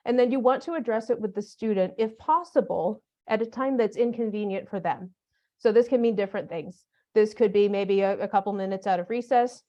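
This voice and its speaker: With a fairly high, warm voice and audio missing its highs, a woman leads a conference workshop for teachers. Her delivery is conversational and funny, and she illustrates points with practical classroom examples.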